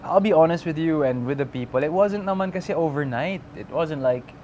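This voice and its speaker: A young man, an interview guest, talking candidly and relaxed, switching between English and Filipino. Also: on the high side, brisk, a little hiss or hum. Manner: relaxed, mixes English and Filipino, acts out quoted voices.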